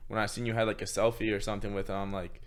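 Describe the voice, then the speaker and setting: Fast-talking, low-voiced young host. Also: male voice, flat delivery, clear, resonant tone. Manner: quick, easygoing, supportive replies. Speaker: podcast host. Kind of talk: casual chat.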